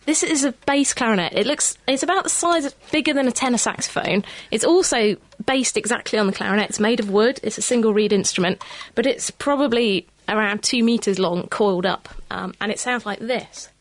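Upbeat woman co-presenter, higher voice, showing off instruments, dry studio sound. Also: a little fast, few pauses, no echo. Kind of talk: casual studio demonstration.

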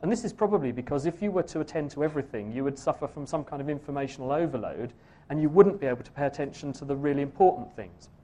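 A man's voice: on the high side, expressive, quick pace, mellow. A man answering an audience question on a live science radio show, explaining fluently and at length. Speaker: science presenter.

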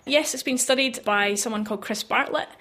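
A woman linguistics researcher explaining her work in an interview, lively and quick to laugh. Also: fairly high pitch.

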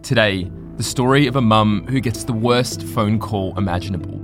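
A man hosting a news podcast, reading scripted narration in a measured, grave way. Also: on the low side, faint music behind. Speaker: podcast host.

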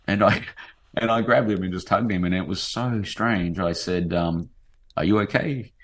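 An Australian man in his forties, talking in an animated, rambling way with many fillers as a guest in a casual interview. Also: deep voice, normal speed. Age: 40s. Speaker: novelist guest.

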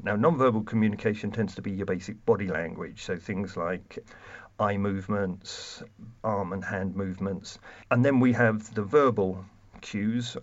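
A man explaining lie detection research in a measured, explanatory way, with some fillers and restarts. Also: lowish voice, lo-fi sound. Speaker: deception researcher guest. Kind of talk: expert explanation.

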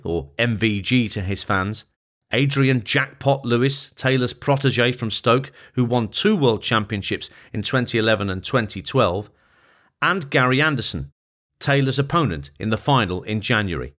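A man narrating a long-form feature article as scripted narration, in a measured, even reading voice. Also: medium pitch.

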